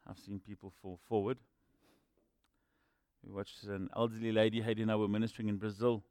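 A man preaching a sermon and telling personal stories, moving between loud emphatic lines and quiet asides. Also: lowish voice, level tone, fairly quick, clear, resonant tone, no room sound, clean studio sound. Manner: storytelling, swinging from loud emphasis to hushed asides.

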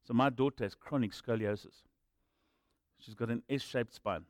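Recorded close with no room sound, a man preaches at a measured pace, drawing on personal testimony. His middle-pitched voice moves between emphatic, loud declarations and hushed confidences.

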